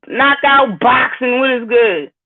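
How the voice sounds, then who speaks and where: High-voiced woman ranting over a tinny line. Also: slow pace. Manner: blunt, profane, fired-up, greets chat viewers. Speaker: live-stream host. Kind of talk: heated live-stream rant. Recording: phone-like lo-fi audio.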